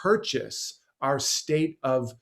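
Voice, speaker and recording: A man's voice: mid-range voice, lively intonation, takes it slowly, vocal fry, a bit bright. A man being interviewed as a guest teacher, talking passionately and rambling through stories and examples. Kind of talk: conversational interview.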